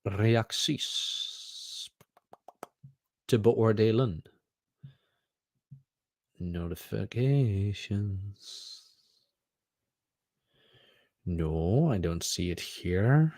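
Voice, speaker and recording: A man's voice: lowish voice, lively intonation, drawn-out words, long pauses, a little mellow, no room sound. Chatty man. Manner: rambling, chatty, jokey. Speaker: streamer, channel host. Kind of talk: casual livestream chat.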